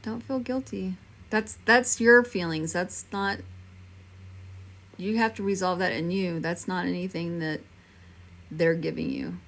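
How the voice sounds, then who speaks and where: This gravelly, slightly bright voice sits on the low side and moves at a measured pace, pausing often. It belongs to a Texan medium in her fifties hosting a casual livestream, answering comments and reassuring viewers by name.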